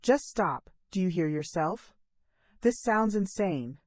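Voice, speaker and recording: Woman narrator doing an angry grown son on the phone, tight and accusing, low dry read. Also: lively intonation, takes it slowly, dry recording. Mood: cold. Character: angry adult son, cold and dismissive. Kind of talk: audio story narration.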